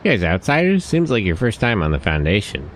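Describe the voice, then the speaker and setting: A man's voice: lowish voice, wildly swooping pitch, brisk, slight background noise. A man voicing a chatty, knowledgeable old woman from a video game, who confides things in a folksy way. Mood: confiding.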